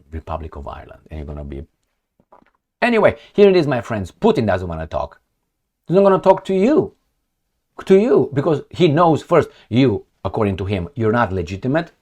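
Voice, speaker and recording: A man talking in a lowish voice with a lively, swooping pitch, ranting casually about the news as he points things out. He is sarcastic and mocking, swinging from loud emphatic bursts to low muttered asides. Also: breathy edge. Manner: sarcastic and mocking, with scornful laughs. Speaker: political commentary vlogger. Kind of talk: casual rant over a map and articles.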